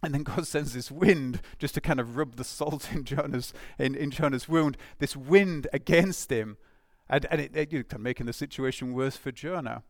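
A man preaching a sermon, animated and emphatic, with rhetorical questions and restarts. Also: medium pitch, normal speed, hardly any pauses, no room sound, studio quality.

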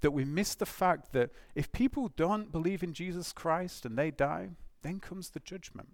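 A man preaching a sermon, animated and emphatic, with rhetorical questions and restarts. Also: on the high side, moderate pace, no room sound, clean studio sound.

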